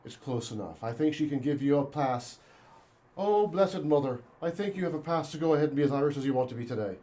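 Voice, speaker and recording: A man's voice: medium pitch, rapid-fire. A man hosting an improv comedy show, bantering playfully with his co-host. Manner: playful, animated.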